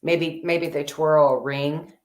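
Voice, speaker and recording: Female co-host, low pitch, chatty and encouraging, casual advice chat. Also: little pitch movement, slow.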